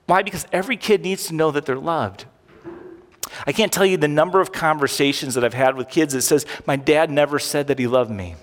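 A male pastor preaching in a large church. His voice sits a little high for a man, and a long reverb trails each phrase. He talks earnestly and conversationally and leans on rhetorical questions. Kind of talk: sermon. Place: church sanctuary.

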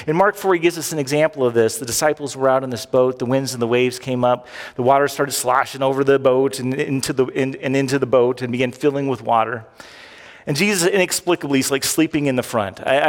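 A male pastor preaching in a large church. His voice sits a little high for a man, and a long reverb trails each phrase. He talks earnestly and conversationally and leans on rhetorical questions. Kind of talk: sermon. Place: church sanctuary.

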